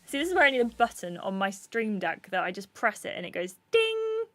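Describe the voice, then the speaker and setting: A woman's voice: medium pitch, expressive, quick pace, a bit bright. A woman streaming a game, chatting and giggling as she reads the game text aloud. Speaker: gaming streamer. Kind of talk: livestream game playthrough, reading aloud.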